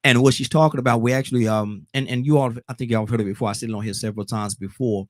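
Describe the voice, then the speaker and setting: A man's voice: mid-range voice, fairly even intonation, very fast, no echo. A man hosting a live call-in talk show, chatty and joking with callers.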